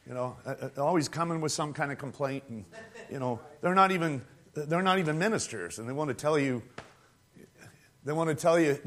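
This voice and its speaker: A man preaching a sermon, conversational and animated, acting out quoted voices and rising to shouts at climaxes. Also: fairly high pitch, a little fast.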